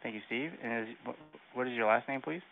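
A man answering the phone at a shop, speaking in a brisk, polite, deadpan way over a tinny phone line. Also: mid-range voice, creaky, slight background noise. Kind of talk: customer service call.

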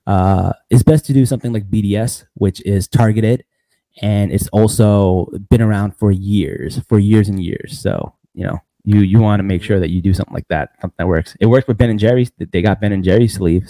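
A man hosts a podcast, recapping in a loose, rambling, casual way. He laughs often between lines and says "bro" a lot. His voice is on the low side and dark-toned, his delivery brisk, with no room sound.

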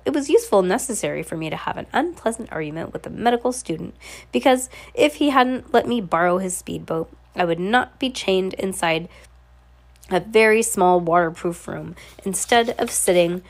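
A woman with a scratchy throat from a cold, reading a novel aloud with casual asides. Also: mid-range voice. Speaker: reader.

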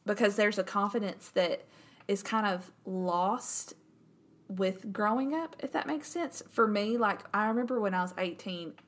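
A woman's voice: mid-range voice, a little slow. A woman in her twenties co-hosting a faith podcast, chatting casually with many "like" fillers. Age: 20s. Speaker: podcast co-host. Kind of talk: casual faith-based chat.

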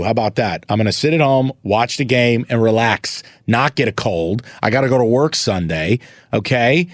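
A man's voice: mid-range voice, fairly quick, no room sound, clean studio sound. Blunt, profane male podcast host. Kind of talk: casual sports podcast chat.

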